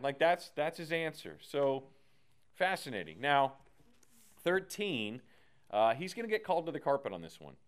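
Animated man teaching scripture. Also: a little high, moderate pace. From United States. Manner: animated, slangy, acts out characters. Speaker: bible teacher. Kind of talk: casual bible study teaching.

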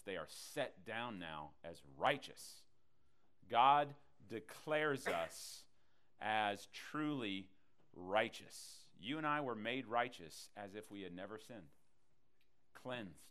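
A man preaching a sermon to a congregation. He teaches in an animated way and acts out the people in his stories. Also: on the low side, slow, clear, resonant tone. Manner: animated preaching, acting out voices in quotes. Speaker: pastor.

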